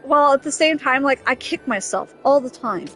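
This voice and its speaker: A woman's voice: high voice, animated, normal speed, fairly bright tone, soft background music. Exasperated woman venting over gameplay. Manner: exasperated, emphatic, repeats herself. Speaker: game streamer.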